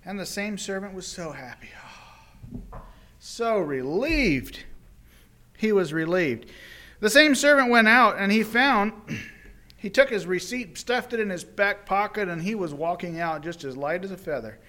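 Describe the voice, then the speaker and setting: A male preacher giving a sermon, retelling a parable in animated, dramatic storytelling. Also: high voice, moderate pace.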